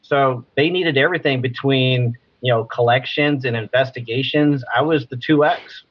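A man talking as a guest on a podcast, explaining things quickly in casual conversation. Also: mid-range voice. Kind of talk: casual interview chat. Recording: dull lo-fi sound.

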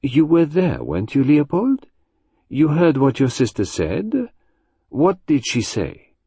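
Man voicing a precise, formal old detective, lively pitch, husky, dry close audiobook sound. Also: slow, no echo, exaggerated voice. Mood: probing. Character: fastidious elderly male detective, polite and probing.

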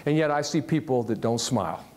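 A man from Ohio giving a live motivational talk to an audience, animated and jokey, often putting questions to the crowd. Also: mid-range voice, fairly quick. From Ohio, USA. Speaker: motivational speaker. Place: large hall with a live audience.

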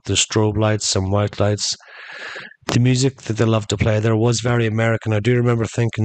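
A man's voice: lowish voice, dry recording. A man hosting a podcast, telling a rambling story casually and calling his listeners folks. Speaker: podcast host.

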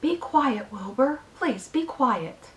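A woman reading aloud, voicing a calm, wise female spider who speaks softly and gently. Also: high voice, slow pace, full character voice, rough recording. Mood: soothing. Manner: soft, quiet and gentle.

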